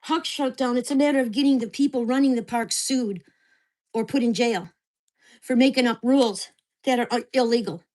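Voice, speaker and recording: Woman in her sixties, somewhat high voice, agitated, swearing, venting vlog at home. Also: normal speed, a little mellow. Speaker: vlogger. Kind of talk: venting to camera. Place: at home in a mobile home park.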